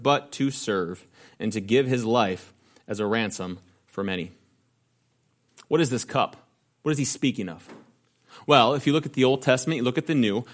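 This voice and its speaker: A man preaching a sermon, asking rhetorical questions and slowing down to stress key phrases. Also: medium pitch, fairly bright tone. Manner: earnest preaching with rhetorical questions, slows for emphasis. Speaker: pastor.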